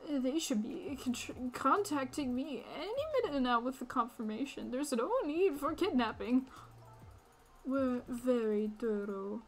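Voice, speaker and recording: Woman doing a whispered Russian-accented villainess. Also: high-pitched. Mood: menacing. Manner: hushed, slow, threatening. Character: menacing female caller, cold and threatening. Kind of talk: whispered role-play.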